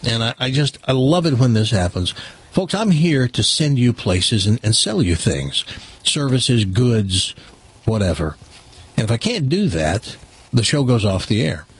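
A man's voice: medium pitch, sing-song, measured pace, husky. An older man hosting a radio talk show, chatty and opinionated in casual talk.

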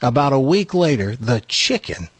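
A man's voice: medium pitch, normal speed, breathy edge, dry recording. A man hosting a radio talk show, telling jokes and stories. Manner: animated storyteller with lively voices. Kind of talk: joke-telling radio banter.

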